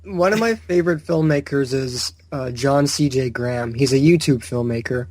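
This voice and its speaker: A man's voice: medium pitch, moderate pace, darkish tone, a little hiss or hum. A man co-hosting a gaming podcast, laid-back and laughing as he tells stories. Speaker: podcast co-host. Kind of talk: casual podcast chat and anecdote.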